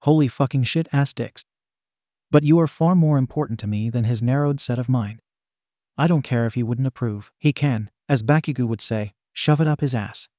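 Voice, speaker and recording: Man voicing gentle devoted teen boy, soft murmuring delivery, dry close sound. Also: mid-range voice, moderate pace, no room sound, lightly acted. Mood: tender.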